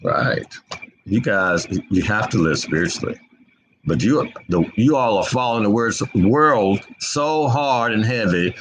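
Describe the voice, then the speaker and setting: A man giving an unscripted spiritual commentary, impassioned and repetitive, his pitch swinging between low and high. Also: expressive, a little slow, fairly bright tone, a little hiss or hum, poor audio. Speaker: online preacher.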